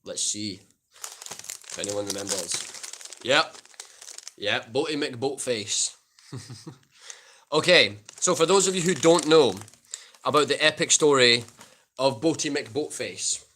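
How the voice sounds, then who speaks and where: A man chats loosely with his live-stream viewers, rambling from one point to the next. His voice is bright and forceful. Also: mid-range voice, animated, slow pace, pauses often, a little hiss or hum. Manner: chatty, rambling, reads out chat. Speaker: guitar YouTuber live streamer. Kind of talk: casual live stream chat.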